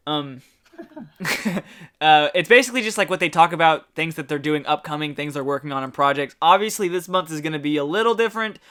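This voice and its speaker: Brief: upbeat male podcast co-host, a bit high, bright tone, giggly, stumbles on words. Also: animated, a little fast, smooth. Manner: laughs often, stumbles over words. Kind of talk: casual gaming podcast chat.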